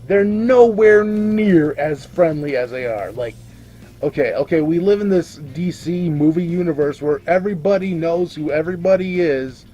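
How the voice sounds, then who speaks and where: A man's voice: fairly high pitch, animated, moderate pace, mellow, faint music behind. A drunk man giving a casual video review of a movie, rambling, swearing freely and tripping over his own words.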